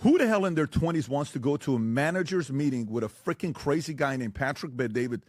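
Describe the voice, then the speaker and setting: A man debating on a talk show, who lectures forcefully and keeps firing rhetorical questions and blunt warnings. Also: medium pitch, expressive, fairly quick, no echo, studio quality. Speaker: podcast guest debating the host. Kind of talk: heated debate.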